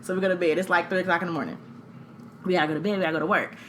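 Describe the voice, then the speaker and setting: Animated woman telling a story, bright tone. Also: lowish voice, very fast, a little hiss or hum. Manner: animated, acts out voices, laughs often. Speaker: podcast co-host. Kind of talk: casual storytelling chat.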